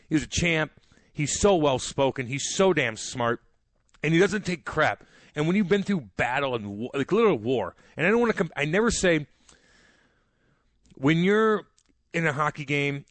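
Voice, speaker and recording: A man's voice: fairly high pitch, fairly bright tone, no echo. Heated, rambling sports radio man. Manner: emphatic, rambling, heated, swears casually. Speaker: sports radio co-host, former hockey player. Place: radio studio.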